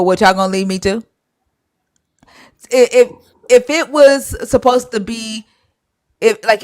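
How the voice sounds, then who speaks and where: Blunt, animated woman streamer. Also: mid-range voice, dry recording, studio quality. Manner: blunt, animated, swears, paraphrases scripture in slang. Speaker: host of live stream. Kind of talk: casual live-stream debate.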